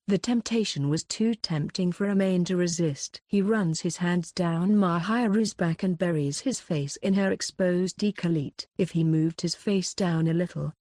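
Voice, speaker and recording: Mellow, steady woman narrator. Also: on the low side, dry recording, studio quality. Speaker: audiobook narrator. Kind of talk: audiobook narration.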